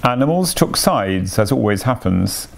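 A man's voice: mid-range voice, big pitch swings, unhurried, vocal fry. A man voicing a sensible, earnest male water rat who speaks emphatically in a read-aloud storybook. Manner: emphatic, impressive.

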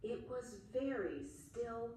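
A woman reads a children's bedtime story very slowly, her pitch rising and falling with lively expression. She sits back from the microphone in a very echoey room, with faint room noise behind her. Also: distant mic. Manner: very slow, lively, expressive reading. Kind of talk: children's story read aloud. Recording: echoey room, a little off mic.

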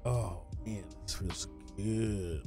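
A man chatting casually on a gaming live stream, excitable, swearing and calling everyone "dude". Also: lowish voice, extremely slow, soft background music.

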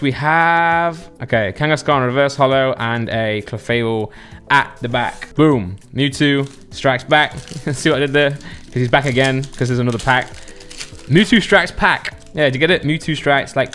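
A man's voice: medium pitch, fairly bright tone, soft background music. A man chatting casually to viewers as he opens card packs, joking and reading out card names. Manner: chatty and jokey, reads card names quickly. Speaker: card collector opening packs. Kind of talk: casual unboxing commentary.

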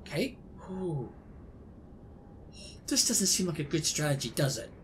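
A woman host giving excited let's-play commentary, laughing often and talking to the game characters. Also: low-pitched, a little slow, a little hiss or hum. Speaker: gaming channel host.

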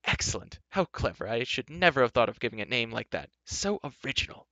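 A man's voice: medium pitch, very animated, fairly quick, bright, forceful tone, no echo, muffled recording. A man voicing Fluter, an eager male bard who exclaims with enthusiasm. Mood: enthusiastic.

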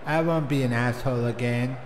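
A man's voice: mid-range voice, brisk, long reverb tail, slight background noise, pitched below the performer's own voice, lightly acted, low-quality recording. A man voicing a sheepish female wrestler who meekly begs for forgiveness in a gaming role-play. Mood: pleading. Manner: meek, apologetic.

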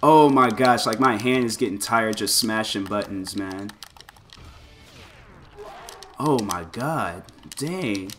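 A man giving loose, excitable commentary over his fighting-game play, full of exclamations and filler words. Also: fairly low pitch, slow, pauses often, slight background noise. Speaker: gameplay commentator. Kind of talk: casual gameplay commentary.

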